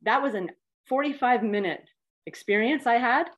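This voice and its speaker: A woman's voice: a little high, normal speed. Heartfelt woman in her fifties. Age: 50s. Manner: heartfelt, animated storytelling with many fillers. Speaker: guest. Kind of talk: personal storytelling in conversation.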